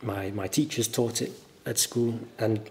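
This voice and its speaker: A man with a mild northern English accent, a teacher giving a relaxed guest interview and telling stories thoughtfully at length. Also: on the low side, a little slow. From northern England. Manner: thoughtful, anecdotal, explains at length.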